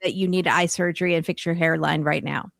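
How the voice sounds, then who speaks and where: A woman's voice: on the low side, fairly even intonation, a little fast, vocal fry, dry recording, studio quality. A woman co-hosting a casual chat, cutting in with sarcastic jokes. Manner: sarcastic, joking asides. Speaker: podcast co-host.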